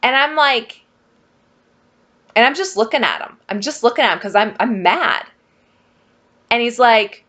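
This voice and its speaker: A woman telling a personal story to her viewers in a casual vlog, animated and exasperated. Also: fairly high pitch, moderate pace, long pauses, lo-fi sound. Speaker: vlogger.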